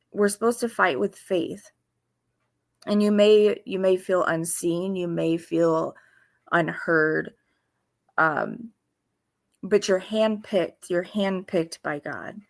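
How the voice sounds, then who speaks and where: A woman giving informal devotional teaching in an earnest, halting way, with pauses and restarts. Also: mid-range voice, gravelly. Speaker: faith video host.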